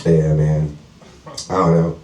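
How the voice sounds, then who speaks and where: A man's voice: extremely low pitch, flat delivery, slow, distant mic, noisy background. A man performing a stand-up comedy set, rambling and profane, often laughing through his lines. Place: house comedy show, indoors. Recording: roomy live venue, mic from afar.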